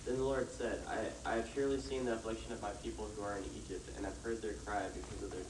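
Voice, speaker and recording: A man with a lowish voice reads scripture aloud in a plain, steady way. He sits far from the mic in a roomy space, with clear background noise behind him. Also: fast talker. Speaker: group member reading scripture aloud. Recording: distant, roomy, noisy room mic.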